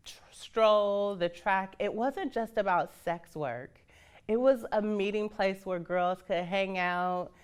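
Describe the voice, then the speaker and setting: Laughing as she talks, a salty, outspoken woman in her fifties from Northern California shares her personal story and mimics the people she quotes. Her voice sits on the low side and sounds clear and resonant.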